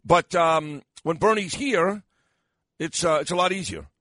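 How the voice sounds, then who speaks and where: An older man hosts a morning radio show in a studio, rambling and joking at his own expense. His voice is a little high and worn, and he sounds tired, like he is losing it. The sound is dry and close. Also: unhurried, a bit bright, no room sound. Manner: rambling, self-mocking banter with frequent fillers.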